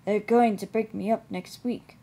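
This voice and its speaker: A woman voicing a sad, proud old male traction engine in a storybook reading, gentle and wistful. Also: mid-range voice, fairly even intonation, normal speed, vocal fry.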